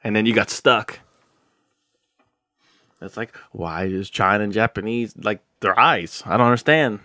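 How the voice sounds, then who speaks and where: A young man co-hosting a podcast, musing out loud in a loose, rambling way with lots of fillers. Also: lowish voice, a little slow, no room sound, clean studio sound. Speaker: podcast co-host. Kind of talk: casual chat.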